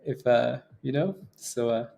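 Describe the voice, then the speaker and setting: A man hosting a day-trading livestream, chatting casually with viewers between market remarks, relaxed, with frequent fillers and chuckles. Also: mid-range voice, unhurried, gravelly. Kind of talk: casual livestream chat reading viewer comments.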